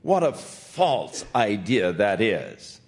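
Older male pastor, conversational Bible teacher, animated pitch, gentle and unhurried. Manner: gentle conversational teaching, acting out quotes softly.

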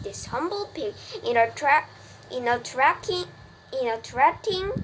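A woman's voice: sits high, voice pushed up. A woman reading aloud and voicing a formal male announcer at a county fair in a storybook. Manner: stiff, ceremonious speechmaking. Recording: noisy home recording.

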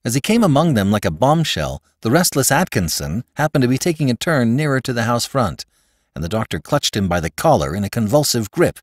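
A man narrating a classic story in an expressive, dramatic reading style as a podcast host. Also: medium pitch, brisk, dry recording, studio quality. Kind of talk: audiobook narration.

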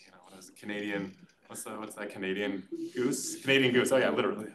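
A man's voice: on the low side, fast, crowd noise. A man acting as conference discussant, giving casual, rambling academic comments full of fillers and self-deprecating asides. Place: conference session room.

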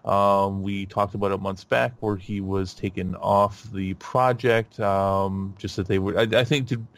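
A man hosting a podcast in a casual chat, rambling with lots of fillers and restarts and getting animated. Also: low-pitched, unhurried, vocal fry. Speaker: podcast host.

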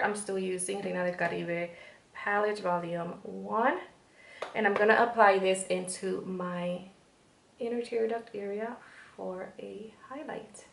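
Beauty vlogger, woman, Spanish accent, chatty step-by-step tutorial voice-over, gravelly edges. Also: mid-range voice, fairly bright tone, roomy sound.

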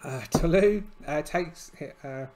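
A man's voice: a little high, a little slow, darkish tone. A tired man narrating a solo tabletop game, hesitant and full of fillers and restarts.

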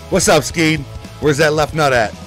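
His voice on the high side, this man keeps up casual live-stream chat while playing a racing game. Excitable by nature, he's prone to abrupt shouts into the desk mic.

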